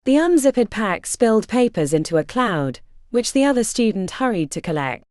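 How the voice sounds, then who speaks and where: A woman narrating an unabridged fantasy audiobook in an expressive, measured storytelling manner. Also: fairly high pitch, dry recording, studio quality.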